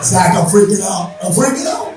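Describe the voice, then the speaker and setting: A young man from Bangladesh doing a punchy standup set, shouting his punchlines and mimicking his mom. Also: sits high, animated, moderate pace, noisy background. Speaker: standup comedian. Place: comedy club stage before a laughing crowd. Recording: echoey club, distant, loud crowd laughter.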